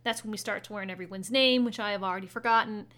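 A woman co-hosting a casual anime recap chat, chatty and quick to laugh. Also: medium pitch, a bit bright. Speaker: podcast co-host.

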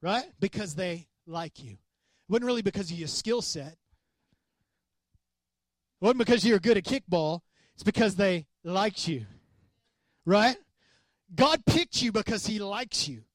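A man preaching a sermon as a pastor, animated and conversational, acting out quoted voices. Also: sits high, unhurried, pauses often, dry recording.

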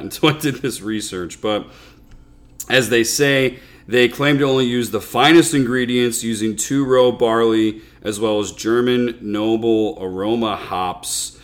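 A man co-hosting a casual beer-tasting podcast, chatty and playful, laughing often. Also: fairly low pitch. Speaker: podcast co-host.

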